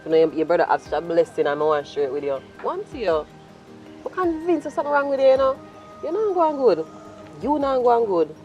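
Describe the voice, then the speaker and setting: An actress with a Jamaican accent playing a brash, flirtatious bartender who taunts and scolds in heavy patois. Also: female voice, on the high side, sing-song, quick pace, mellow, muffled recording, soft background music. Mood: taunting. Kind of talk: web series acting.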